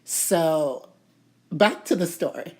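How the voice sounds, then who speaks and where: A woman from Toronto telling a story to camera in a casual, animated way, full of "you know" fillers and indignation. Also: sits low, slow. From Toronto, Canada. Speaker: vlogger.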